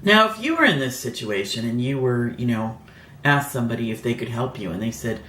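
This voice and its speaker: A woman's voice: very deep voice, very animated, a little fast, fairly bright tone, roomy sound, a little hiss or hum. A woman telling a personal story in a chatty, rambling vlog style, full of "like" fillers. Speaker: beauty vlogger. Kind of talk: casual storytime.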